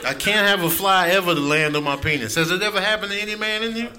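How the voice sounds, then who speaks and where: A man's voice: fast, a crowd in the background. A middle-aged man doing a stand-up set, acting out his friends and sons in voices. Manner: animated, acts out friends and family in high voices. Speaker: stand-up comedian. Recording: live club set with clear background noise.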